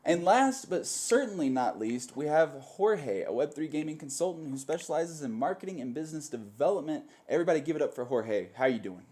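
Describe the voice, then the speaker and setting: A man's voice: on the high side, expressive, a little fast, few pauses, dark tone, slight background noise. A man hosting a panel web show with upbeat show-host patter.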